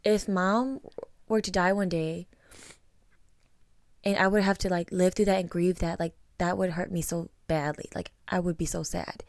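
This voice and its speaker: A young woman co-hosting a podcast, talking in a soft, reflective way with many fillers. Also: fairly low pitch, steady tone, normal speed, dry recording, studio quality. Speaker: podcast co-host. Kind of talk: casual conversation.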